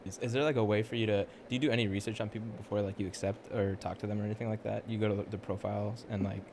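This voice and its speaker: A podcast co-host chatting casually, dropping quick jokes and follow-up questions. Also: medium pitch, fairly even intonation, noisy background. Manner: quick joking interjections. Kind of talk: casual chat with quips.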